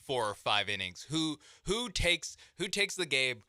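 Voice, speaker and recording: A man on a sports radio show, casually explaining his view of a baseball team in a measured way. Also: mid-range voice, big pitch swings, bright, forceful tone, smooth, no room sound, clean studio sound.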